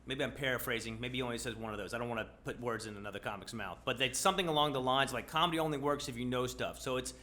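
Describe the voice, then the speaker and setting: A man with a mid-pitched, bright, forward voice talks loosely on a podcast. He rambles, restarts his thoughts and repeats phrases as he works toward his point. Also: rapid-fire, few pauses. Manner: rambling, trails off, repeats words. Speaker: comedian and podcast co-host. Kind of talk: casual panel chat.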